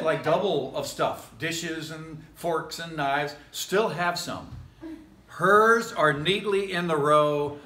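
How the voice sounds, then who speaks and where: A pastor preaches in an easygoing, joking way, drifting into chuckling asides. His voice sits a little high and sounds bright and forceful. The church room adds a strong echo. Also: a little hiss or hum. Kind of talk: casual conversational sermon. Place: church sanctuary.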